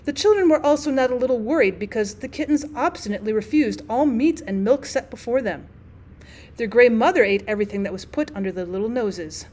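A woman teacher reading a classic short story aloud, expressive, with an occasional stray filler word. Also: on the high side, fairly quick. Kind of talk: audiobook narration of a classic story.

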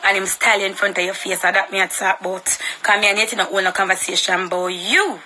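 A woman's voice: mid-range voice, fairly even intonation, fast talker, bright, forceful tone, low-quality recording. A young Jamaican woman with a Jamaican accent delivering a confrontational, profanity-laced social media rant.

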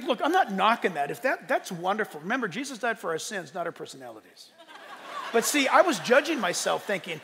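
Gravelly high-voiced male pastor preaching. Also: fast talker, a little hiss or hum. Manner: animated, conversational storytelling with bursts of shouting. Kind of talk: sermon. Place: church sanctuary. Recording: long reverb of a church sanctuary.

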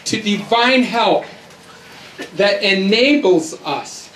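A middle-aged North American man, speaking slowly in a high, fairly bright voice with lively intonation, delivers a humorous, emphatic storytelling sermon at a youth conference. He addresses a large hall full of young listeners; the distant mic picks up echo and audience noise.

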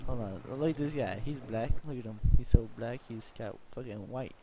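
A man's voice: medium pitch, normal speed. A man taunting other players in a mocking, teasing drawl over voice chat. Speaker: game trolling video host. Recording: noisy voice chat capture.

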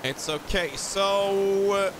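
A man hosting a let's play, chatting playfully with excitable exclamations as he explores. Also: sits high, slow pace, background noise. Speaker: gaming video host.

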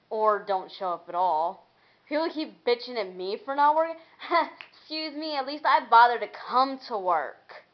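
A woman's voice: medium pitch, highs cut off. A young woman chatting casually on a vlog, rambling and venting about her week, laughing and swearing as she goes. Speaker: vlogger.

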